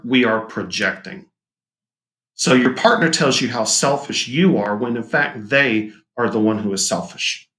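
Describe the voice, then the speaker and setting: A man's voice: mid-range voice, fairly bright tone, reverberant. A man teaching a lesson in a casual, joking way, often acting out quoted lines. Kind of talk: recorded classroom lecture.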